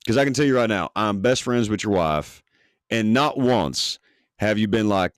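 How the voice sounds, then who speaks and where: Man, deep low voice, podcast co-host, brash and emphatic, swears a lot, dry close sound. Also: moderate pace, dry recording. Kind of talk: casual podcast chat.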